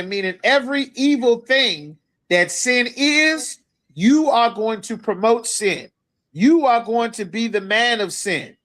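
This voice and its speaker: A man teaching a scripture class, speaking emphatically and asking his listeners if they understand. He reads verses slowly, then explains them in everyday talk. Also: very high-pitched, animated, a bit bright. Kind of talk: scripture lecture.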